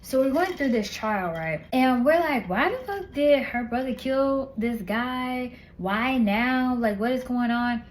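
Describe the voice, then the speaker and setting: A woman reviewing a book in casual, animated chat, retelling the plot with slang and lots of asides. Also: on the high side, unhurried, few pauses, rough recording.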